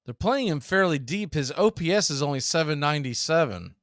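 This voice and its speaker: A man calling live baseball play-by-play, steady and measured as he calls each pitch and count, with an occasional dry quip. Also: no room sound. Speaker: play-by-play announcer.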